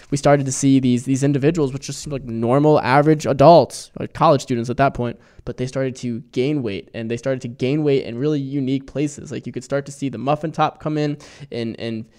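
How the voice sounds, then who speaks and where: A man's voice: medium pitch, steady tone, brisk, darkish tone. Man co-hosting a health chat, agreeing often. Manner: engaged, frequent agreeing interjections. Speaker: podcast co-host, doctor. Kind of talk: conversational health podcast.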